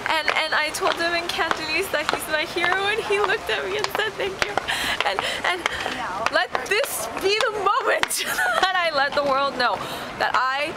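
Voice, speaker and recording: A woman actress vlogging at a crowded premiere, gushing and giggling with breathless fan excitement. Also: very high-pitched, moderate pace. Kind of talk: excited casual vlog chat. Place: crowded film premiere venue. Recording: loud crowd and noise around. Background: crowd chatter.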